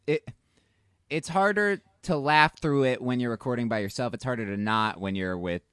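A man's voice: mid-range voice, normal speed, a bit bright, clean tone, no echo, studio quality. A man hosting a podcast in casual chat, loose and laughing, swearing freely. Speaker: podcast host.

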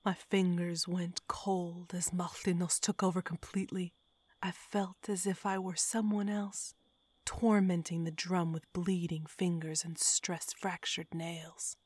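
A woman reading a horror story aloud in a hushed, whispery telling. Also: on the low side, little pitch movement, a little slow, slightly rough, dry recording. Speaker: narrator.

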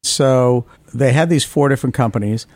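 A man of ordinary pitch recounting his career in a podcast interview. He tells stories with animation and mimics the people in them. The recording is close and dry. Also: normal speed, no room sound. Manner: animated anecdotes, acts out quoted voices. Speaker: orthodontist guest.

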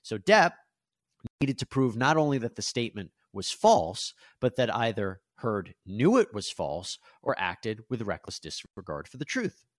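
A man's voice: lowish voice, very animated, a little slow, no room sound. A man hosting a legal news show, explaining court filings and reading quotes from them aloud.

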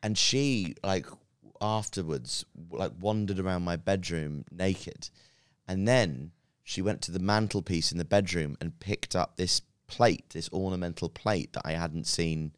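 A man's voice: sits low, unhurried, hardly any pauses, clean tone, no echo. A man, a comedian guest on a podcast, telling a long anecdote in a casual, rambling way with lots of ums and uhs, recorded in a studio. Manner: rambling, hesitant with many fillers. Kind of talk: casual storytelling chat.

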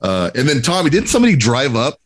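A man on a podcast telling a comic anecdote with lively, building tension. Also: mid-range voice, quick pace. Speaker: podcast co-host telling a story. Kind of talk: animated anecdote.

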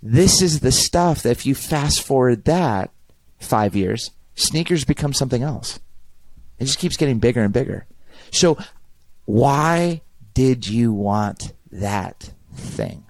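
A man's voice: medium pitch, animated, slow, no echo. A middle-aged man, a pastor, talking earnestly and reflectively in a podcast conversation, often repeating words as he thinks.

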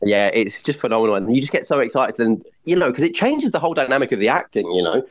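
Fast-talking, enthusiastic man. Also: medium pitch, sing-song, low-quality recording. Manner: enthusiastic, effusive, repeats words. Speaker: soap actor, podcast guest. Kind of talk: casual interview chat.

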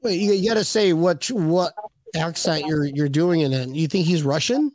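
A man's voice: fairly high pitch, moderate pace, darkish tone, no echo. A man hosting a casual video-call chat show, telling rambling joking stories. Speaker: podcast host.

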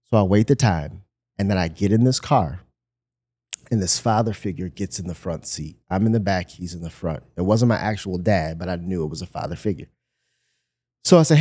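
Low, mellow-voiced man telling a story. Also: moderate pace. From Michigan. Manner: animated storyteller, acts out quoted voices. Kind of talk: storytelling in a podcast conversation.

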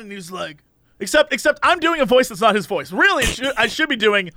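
Man, high and bouncy, bright and sharp tone; animated storyteller acting out the people in his story. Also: quick pace, no room sound. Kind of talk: casual chat, storytelling.

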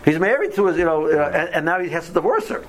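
A man's voice: a little high, sing-song, fast talker, a little hiss or hum, poor audio. A man leading a casual Torah study class, often stumbling over and repeating words, reading Hebrew verses aloud and then explaining them.

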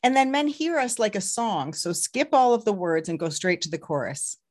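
A woman author and relationship counselor speaking in a podcast interview, animated and acting out her clients' voices. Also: fairly low pitch, moderate pace.

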